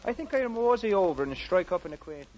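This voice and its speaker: High-pitched Irish-brogue setter dog, hearty and chuckling, 1940s radio comedy, muffled noisy recording. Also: male voice, lively intonation, fast, darkish tone. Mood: jolly. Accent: put-on Irish brogue. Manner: hearty, chuckling, flirtatious blarney. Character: Irish policeman turned cheerful setter dog, adult male.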